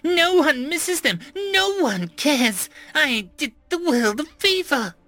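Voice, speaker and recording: A man playing a vicious killer in an audiobook, his voice pitched far up and dragged out slowly, shrieking and jeering with a warped, strange tone. a nasty, mocking villain. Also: very animated, sharp tone, dry recording, exaggerated voice. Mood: gloating. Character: vicious middle-aged male serial strangler.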